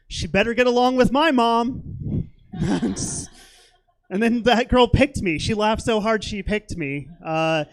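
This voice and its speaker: A young man doing a stand-up comedy set on a theater stage, rambling and self-deprecating, with lots of fillers. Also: high-pitched.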